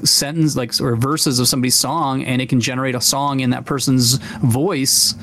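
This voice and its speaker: A man's voice: medium pitch, steady tone, normal speed, a bit bright. Rambling, enthusiastic male podcast host. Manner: enthusiastic, rambling with many fillers and restarts. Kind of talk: casual chat.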